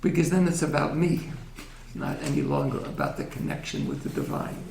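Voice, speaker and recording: A man giving a gentle, reflective religious lecture in a synagogue hall, often asking his audience questions. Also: fairly high pitch, wildly swooping pitch, a little fast, vocal fry, a little hiss or hum.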